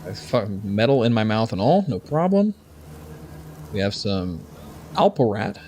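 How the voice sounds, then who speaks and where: A man's voice: lowish voice, sing-song, measured pace, warm tone, slight background noise. A man streaming a video game, commenting casually, joking, swearing and talking to his chat. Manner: jokey, swears, talks to chat. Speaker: gaming streamer.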